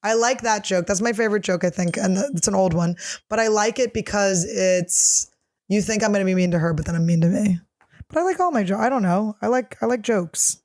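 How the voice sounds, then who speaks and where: A woman's voice: mid-range voice, fairly quick, a little mellow, dry recording, clean studio sound. A woman comedian in her thirties, answering listener questions in a casual solo chat, blunt, crude and self-mocking.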